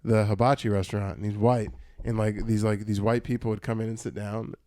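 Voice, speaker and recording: A man's voice: fairly low pitch, flat delivery, fairly quick, mellow, dry recording, studio quality. A young man co-hosting a casual podcast, telling a long rambling story with lots of swearing and restarts. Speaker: podcast co-host.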